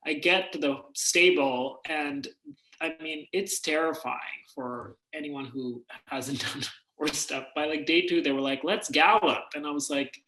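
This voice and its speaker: Bright, animated storyteller man. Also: on the high side, unhurried, roomy sound, poor audio. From India. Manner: animated, self-deprecating storytelling. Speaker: actor guest. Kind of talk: casual interview chat.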